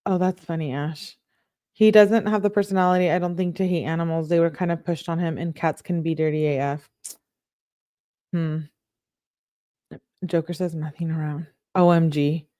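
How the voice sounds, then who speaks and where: A woman hosting an online show, reading text messages aloud and breaking in with quick reactions of her own. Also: fairly low pitch, warm tone, no echo, clean studio sound. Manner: reads quotes then breaks in with quick reactions. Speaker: online true-crime show host.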